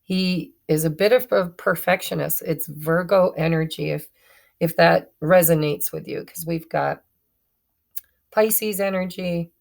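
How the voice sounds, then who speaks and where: Slow-talking woman reading tarot, gravelly. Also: lowish voice. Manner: chatty, stumbling, self-correcting. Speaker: tarot reader. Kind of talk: casual tarot reading to camera.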